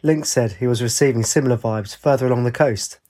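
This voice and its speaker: A man reading a fantasy story aloud in a steady, descriptive storybook narration. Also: mid-range voice, a little fast.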